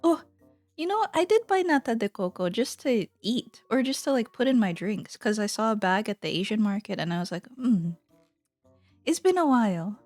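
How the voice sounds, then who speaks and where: Giggly woman streamer, fairly high voice. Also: sing-song, moderate pace, a little mellow, no echo, soft background music. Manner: giggly and playful, chatting with viewers. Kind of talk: casual livestream chat.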